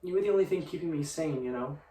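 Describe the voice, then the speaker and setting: A young man playing the tender ghost of a brother who talks softly and haltingly to his grieving sister in a student musical. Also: on the high side, natural voice. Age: young adult. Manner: soft, pleading, halting. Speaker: student actor. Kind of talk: student musical theatre, spoken and sung. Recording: roomy stage sound from a distance, music behind.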